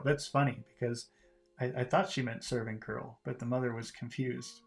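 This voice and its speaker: A man teaching English, reading a novel aloud and explaining vocabulary in a relaxed way, with many fillers and restarts. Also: medium pitch, moderate pace, vocal fry, soft background music.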